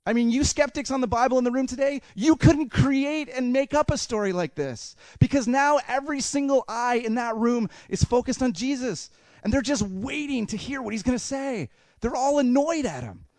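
A man preaching a sermon as a pastor, animated, voicing the thoughts of people in the story and swinging between loud bursts and hushed asides. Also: very high-pitched, normal speed, few pauses, no room sound.

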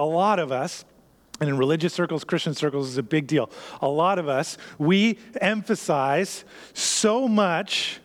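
A man with a notably high voice preaches a sermon in the manner of a pastor. He leans on key phrases and repeats them for emphasis. At times his voice drops low and hushed, close to a whisper.

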